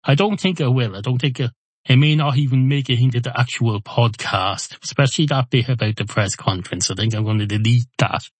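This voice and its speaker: A man's voice: mid-range voice, a little fast, no echo. A middle-aged man, hosting a podcast in a rambling, wry, self-interrupting comic monologue. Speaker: podcast host.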